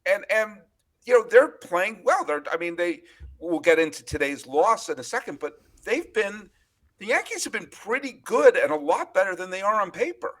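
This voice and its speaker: A man hosting a casual sports podcast, chatting in an animated, storytelling way. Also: sits high, moderate pace. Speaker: podcast host.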